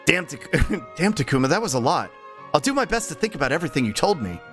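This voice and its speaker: A man's voice: a little high, very animated, quick pace, a bit bright, soft background music. A man streaming and chatting casually with his viewers, rambling with lots of ums and restarts, his voice tired and strained. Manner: rambling, many um and uh restarts, laughs easily. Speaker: livestreamer. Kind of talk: casual stream chat, reading chat aloud.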